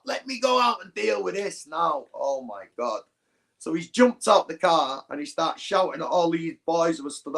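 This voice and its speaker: A man tells a raw personal story in blunt, plain-spoken words. His voice sits a little high for a man. When he quotes the people in it, his pitch jumps up even higher. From England. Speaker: interview guest. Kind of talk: candid storytelling interview.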